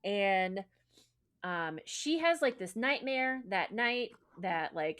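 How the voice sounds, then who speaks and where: A woman's voice: mid-range voice, animated, takes it slowly, fairly bright tone, clean tone. A woman podcast host retelling a myth in casual chat, with lots of fillers and profanity. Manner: chatty, profane, filler-heavy.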